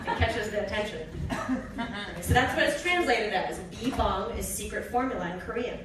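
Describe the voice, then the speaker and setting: A slightly winded woman in her thirties talks to an audience from a stage, chatty and light, with quick laughing asides. Her voice sits a touch high. It carries through a very echoey hall from a somewhat distant mic. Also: very noisy. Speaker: speaker presenting products on stage. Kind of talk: casual stage talk.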